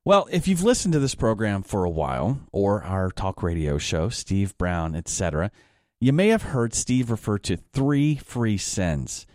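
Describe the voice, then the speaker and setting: Male announcer, friendly scripted promo with a wry touch, low voice, dry booth sound. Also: big pitch swings, a little slow, a little mellow, no room sound. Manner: friendly, lightly joking read. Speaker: program announcer.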